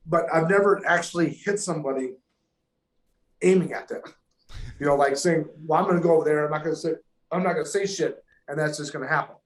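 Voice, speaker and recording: A high-pitched man tells a story in loose, profane, animated podcast talk. His voice rings a little in a roomy space. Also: fast talker. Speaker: pro golfer guest. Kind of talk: casual podcast chat.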